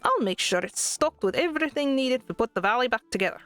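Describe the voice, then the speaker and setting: A woman's voice: high-pitched, animated, fast, a bit bright, clear, resonant tone, soft background music, pitched above the performer's own voice. A woman voicing a miserly old male Scottish duck tycoon, reading game dialogue aloud in an attempted brogue. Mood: pompous.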